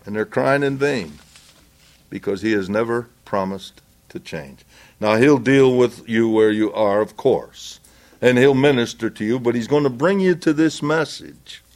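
A man preaching a sermon, deliberate and earnest, building to impassioned pleading. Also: mid-range voice, darkish tone.

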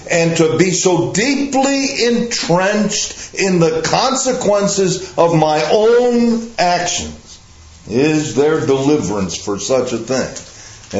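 Slow, emphatic preacher man, echoey. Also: a little high, lively intonation, darkish tone, slight background noise. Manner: slow, emphatic, with questions to the listeners. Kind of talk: sermon. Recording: echoey room, slightly dull sound.

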